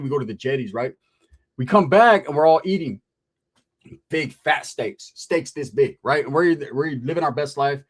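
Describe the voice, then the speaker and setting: A man telling a story in a casual, streetwise way, full of slang and swearing and punctuated by "right?". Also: on the high side. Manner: animated, drawn-out telling with frequent "right?". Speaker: storyteller on a podcast.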